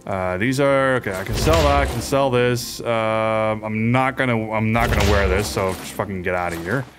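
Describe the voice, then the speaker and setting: Excitable swearing gaming host. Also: male voice, fairly low pitch, normal speed, music in the background. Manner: profane, excitable, talks to the game. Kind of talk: casual let's play commentary.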